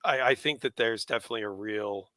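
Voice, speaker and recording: A man's voice: lowish voice, fast talker, pushed and bright, dry recording. A man co-hosting a casual podcast, chiming in agreeably and adding his own takes. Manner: agreeable, chiming in with short affirmations. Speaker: podcast co-host. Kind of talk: casual chat.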